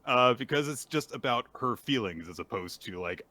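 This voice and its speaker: A man co-hosting a casual manga recap podcast, animated and often acting out characters' lines in high put-on voices. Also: moderate pace, dry recording. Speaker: podcast co-host.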